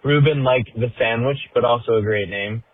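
A man's voice: medium pitch, normal speed, no echo. A man leaving a friendly, upbeat voicemail for a podcast as a caller. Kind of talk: voicemail message. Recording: tinny phone voicemail.

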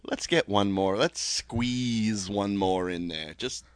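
Guy hosting a geek podcast, kinda low voice, throat a bit sore, dry close mic, joking around. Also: takes it slowly, no echo. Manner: joking, rambling with fillers. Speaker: podcast host. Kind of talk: casual chat.

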